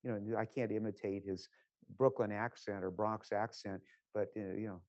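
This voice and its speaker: An older man, a physician, giving a lecture full of personal anecdotes in a conversational, rambling way with many filler pauses. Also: fairly low pitch, fairly even intonation, a little mellow, no echo, muffled recording.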